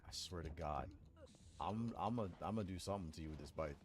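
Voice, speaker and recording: A man doing jokey let's-play commentary while he plays a game, with loud goofy reactions. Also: deep voice, rapid-fire, slight background noise. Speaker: gaming video host.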